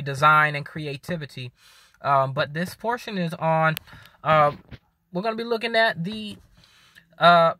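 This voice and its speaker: A man's voice: fairly high pitch, bright, forceful tone, no echo. A man talking casually to camera as a video host, rambling with many ums and restarts, tired and hiccuping after the gym.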